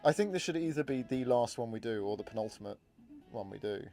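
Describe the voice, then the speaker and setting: A man's voice: medium pitch, fast talker. A man rehearsing a comic song, chatting loosely and swearing freely. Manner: lively, swears freely, breaks into a singing performance. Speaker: comedy songwriter. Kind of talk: rehearsal chat and sung comic number. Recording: music in the room. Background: guitar playing.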